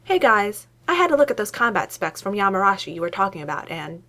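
A woman's voice: medium pitch, very animated, quick pace, sharp tone. A cheerful, cocky male lab scientist, put on by a woman reading a story aloud. He talks breezily, boastful and pleased with himself. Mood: breezy.

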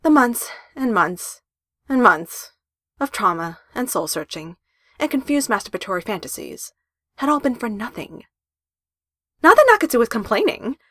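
A woman narrating a story with a lively, animated voice that swings up and down in pitch. The recording is close and dry, with no room sound. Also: dry recording. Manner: expressive, with emphatic rises.

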